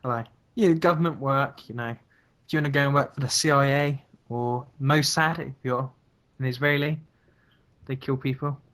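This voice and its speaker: A man's voice: medium pitch, steady tone, normal speed, a bit bright. A young man co-hosting a casual podcast over a voice call, rambling and hesitant as he muses. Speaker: podcast co-host. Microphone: computer mic on a voice call.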